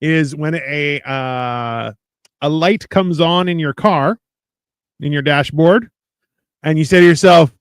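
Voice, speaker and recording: A man's voice: fairly high pitch, unhurried, dry recording, studio quality. A man co-hosting a podcast, rambling and joking in casual chat, often restarting his sentences. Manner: rambling, joking, self-interrupting. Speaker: podcast co-host.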